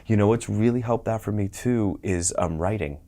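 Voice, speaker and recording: A lively actor telling stories in a podcast interview. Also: male voice, on the low side, normal speed. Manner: animated storytelling, mimics other people's voices. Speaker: actor guest.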